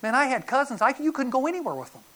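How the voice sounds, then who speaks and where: Middle-aged male preacher; animated, folksy sermon delivery with sharp swings from loud to hushed. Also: extremely high pitch, racing. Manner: animated, folksy storytelling with sudden loud bursts and quiet drops. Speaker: pastor.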